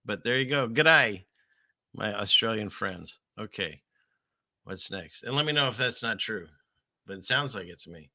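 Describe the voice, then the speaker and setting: A man's voice: on the low side, animated, moderate pace, pushed and bright, dry recording, studio quality. A male show host giving casual news commentary, rambling with joking, sarcastic asides.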